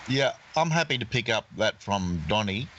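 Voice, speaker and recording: A man, a guest on a live show, speaking in a halting, hesitant way over a dull remote connection. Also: lowish voice, lively intonation, a bit bright, a little hiss or hum. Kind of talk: casual live-show chat.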